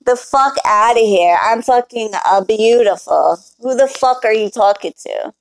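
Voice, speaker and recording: A woman ranting loudly at a chat troll, mocking and profane. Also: animated, measured pace. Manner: loud, mocking, profane, high-pitched.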